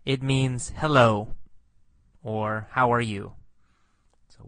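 Patient male English teacher, slow and bright, repeats every word, close and dry. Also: mid-range voice, steady tone, no echo. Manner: patient, repeats words, explains meanings.

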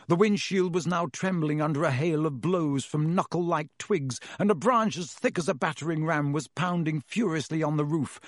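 A man's voice: a little high, no room sound, studio quality. Dramatic male audiobook narrator. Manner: vivid, dramatic storytelling delivery. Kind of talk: scripted storybook narration.

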